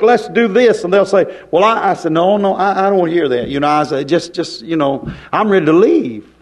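Emphatic high-voiced preacher man. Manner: folksy, emphatic preaching with rhetorical questions. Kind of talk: sermon.

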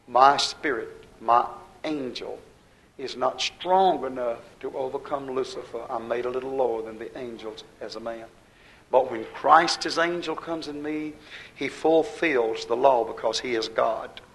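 A man preaching a sermon in a folksy way, talking straight to the congregation and swinging between loud emphatic bursts and low, quiet drops. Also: rough recording. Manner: folksy, addresses the congregation directly.

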